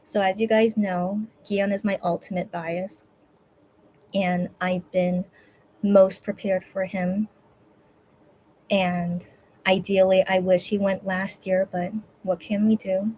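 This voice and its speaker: A woman's voice: mid-range voice, flat delivery, takes it slowly, darkish tone. A woman streamer talking casually and tearfully to her viewers, rambling with many restarts and fillers. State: teary, on the verge of crying. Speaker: streamer hosting a fan watch party. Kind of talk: emotional casual chat.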